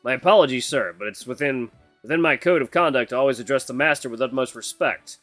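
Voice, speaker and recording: A man's voice: mid-range voice, fast, fairly bright tone, no room sound, soft background music, natural voice. A man voicing a dutiful, stiffly formal young male knight who speaks politely.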